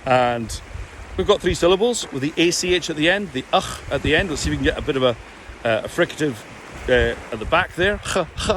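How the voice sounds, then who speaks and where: A man's voice: a little high, lively intonation, brisk, a bit bright, a little hiss or hum. A man teaching pronunciation, drawing out vowel sounds to demonstrate them. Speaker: Gaelic speech coach. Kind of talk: pronunciation lesson to camera.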